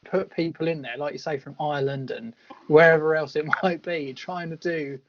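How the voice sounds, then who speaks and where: A man's voice: on the high side, steady tone, normal speed, background noise. A man co-hosting a podcast, chatting casually about a film and laughing often. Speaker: podcast co-host. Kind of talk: casual film review chat. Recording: dry, muffled podcast audio.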